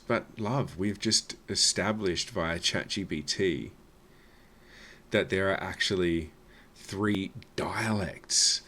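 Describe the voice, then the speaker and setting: A man giving a reaction commentary on comedy sets. His voice sits low and he takes his time, and his remarks come out dry and sarcastic. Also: slow, sharp tone.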